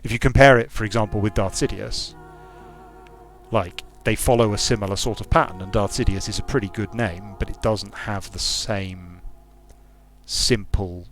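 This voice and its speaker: A streamer who also designs games talks casually while playing a strategy game, thinking out loud, often restarting sentences and repeating words. His voice sits on the low side at a normal pace, with faint music in the background.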